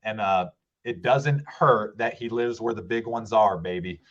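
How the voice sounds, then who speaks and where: Male podcast guest, lively storyteller, muffled lo-fi audio. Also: lowish voice, a little slow. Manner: animated, acts out quoted voices. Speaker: podcast guest, fishing guide. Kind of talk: casual storytelling chat.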